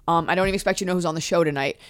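Fast-talking woman comedian, slightly low voice. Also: smooth. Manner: quick, animated storytelling with acted-out quotes. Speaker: comedian guest. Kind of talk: casual podcast chat.

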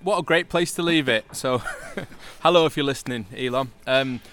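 A man hosts a podcast from a stadium press box. He moves briskly through promos and banter and likes to tease his guests. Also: medium pitch, fairly bright tone. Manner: teasing, brisk, wraps up segments. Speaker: podcast host. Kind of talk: podcast hosting and chat.

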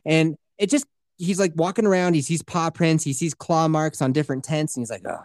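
This is a casual movie recap from a man hosting a podcast, who curses, gets animated, and slips into voices while retelling the story. He has a fairly high pitch and a moderate pace, recorded in clean studio sound with no room sound.

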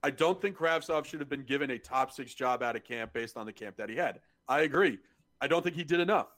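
A man's voice: medium pitch, a little fast, fairly bright tone. A man co-hosting a sports podcast, talking casually and growing exasperated, often repeating himself when worked up. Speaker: podcast co-host.

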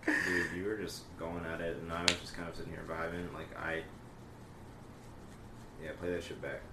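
A young man chatting in a relaxed, filler-heavy way in a casual podcast. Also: sits low, normal speed. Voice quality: laid-back, filler-heavy. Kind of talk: casual chat. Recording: echoey room, distant mic, noise.

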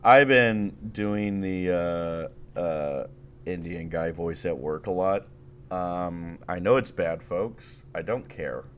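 Deep-voiced, profane podcast host man. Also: slow pace, a little hiss or hum. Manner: profane, rambling, laughs a lot. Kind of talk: casual chat.

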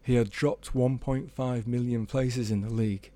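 Deadpan male storyteller. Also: mid-range voice, moderate pace. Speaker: storyteller guest. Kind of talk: comic storytelling.

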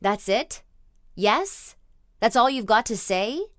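A woman's voice: fairly high pitch, animated, slow, a bit bright, no room sound, clean studio sound, voice pushed up. A woman narrator voicing a hurt, jealous older woman in a long relationship, talking in a raw, accusing way. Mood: exasperated. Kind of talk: audiobook character reading.

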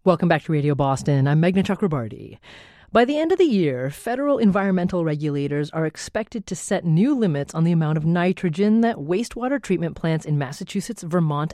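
Mellow-voiced female radio host. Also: fairly low pitch, dry recording, studio quality. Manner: clear, announcing. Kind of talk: radio news presenting.

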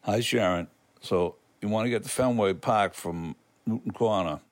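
Deep-voiced man with a Boston accent. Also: no echo. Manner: brisk, matter-of-fact directions.

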